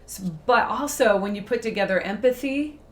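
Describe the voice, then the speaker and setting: A woman's voice: medium pitch, expressive, moderate pace. A woman who is a professor co-hosting a faith talk show. She explains ideas conversationally and laughs easily. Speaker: apologetics professor and co-host. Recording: roomy echo.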